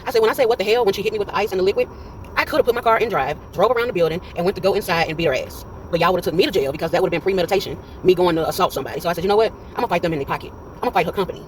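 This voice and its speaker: A man's voice: high-pitched, rapid-fire, a little hiss or hum, low-quality recording. A man in his forties telling a story in a casual vlog, retelling it with energy and acting out each quoted line. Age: 40s. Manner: animated retelling that acts out quoted dialogue. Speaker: vlogger. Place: in a parked car.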